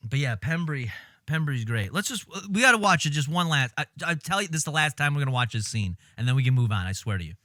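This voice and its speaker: A man streaming casual commentary on film clips, animated and exasperated, swearing and laughing as he talks. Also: mid-range voice, fast, no room sound, clean studio sound.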